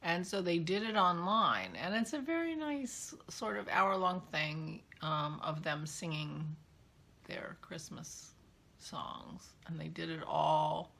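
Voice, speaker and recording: Chatty vlog host, woman, slow and rambling, husky, often slipping into a whisper. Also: low-pitched, a bit bright. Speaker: knitting podcast host. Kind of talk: casual vlog chat while unboxing yarn.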